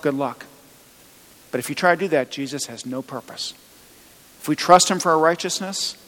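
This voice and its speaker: A male pastor delivers a casual, conversational sermon, often putting rhetorical questions to his listeners. His voice sits a little high. A long reverb from a large hall trails behind his words. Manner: conversational preaching with rhetorical questions and military anecdotes.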